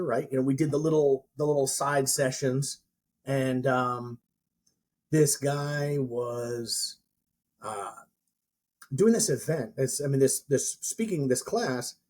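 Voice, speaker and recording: A man's voice: mid-range voice, a little mellow, breathy edge. A man who works as a mortgage professional and trainer, chatting casually and telling a rambling story with frequent restarts. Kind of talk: casual podcast chat.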